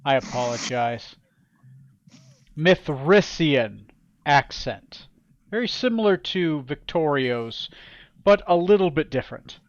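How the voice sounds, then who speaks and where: A man's voice: fairly high pitch, animated, slow pace, pauses often, dry recording, muffled recording. A man narrating as game master of a tabletop game, casual and self-correcting.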